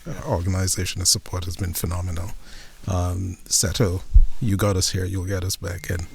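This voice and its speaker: A man on a tour giving relaxed, casual thanks. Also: deep voice, normal speed, gravelly, breathy edge. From Toronto. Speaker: tour guest.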